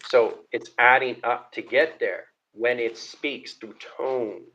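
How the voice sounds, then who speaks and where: A man's voice: medium pitch, steady tone, takes it slowly, sharp tone. A man teaching in a live question-and-answer stream, lecturing in repetitive lists. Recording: dull lo-fi stream audio.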